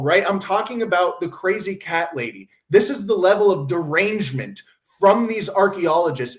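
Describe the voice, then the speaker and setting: A man's voice: high-pitched, fairly bright tone. A man hosting a commentary stream, ranting sarcastically and mocking others in put-on quotes. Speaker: podcast host.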